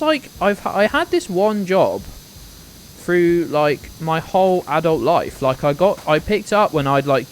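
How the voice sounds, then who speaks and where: A man's voice: a little high, slight background noise. Chatty young man streaming a game. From United Kingdom. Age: 20s. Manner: rambling, chatty, greets viewers by name, swears casually. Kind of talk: casual live-stream chat.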